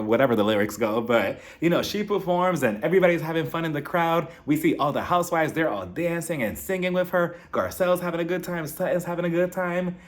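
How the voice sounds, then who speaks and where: A reality TV reviewer talks a little fast with few pauses, recapping a show in casual, sarcastic commentary. He's gossipy and often acts out what people said in a high voice.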